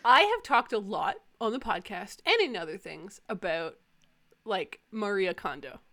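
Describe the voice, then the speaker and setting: A young woman hosting a podcast, chatting casually and ranting with animated, frequent laughter. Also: mid-range voice, unhurried. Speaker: podcast host.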